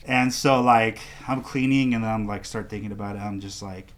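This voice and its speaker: A man in his thirties from Southern California, talking in a relaxed, slangy way. His voice sits fairly low, and he tells his story in loose chat, putting on the voices of the people he quotes. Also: normal speed. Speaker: guest artist.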